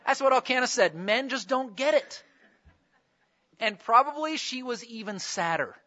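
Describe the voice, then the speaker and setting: High bright-voiced male preacher. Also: expressive, a little slow, muffled recording. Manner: conversational preaching with rhetorical questions. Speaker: pastor. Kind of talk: sermon.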